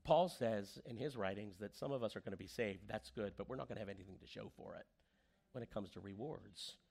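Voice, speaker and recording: A man's voice: fairly low pitch, a little fast, vocal fry, husky. A man preaching a sermon as pastor, telling stories and acting out the quoted voices. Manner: animated storyteller, acts out quoted voices.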